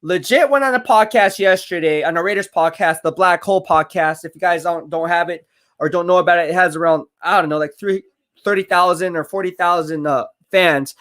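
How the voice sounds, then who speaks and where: A man hosting a live stream, giving casual commentary, boastful and laughing often, with quick bursts of excitement. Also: high voice, dry recording, clean studio sound.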